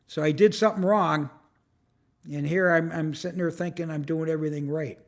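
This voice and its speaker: A man's voice: a little high, fairly even intonation, brisk. An older man in his seventies hosting a casual live stream from a camera on a tripod, rambling, frustrated and swearing as he greets viewers in the chat by name. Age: 70s. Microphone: phone or camera on a tripod.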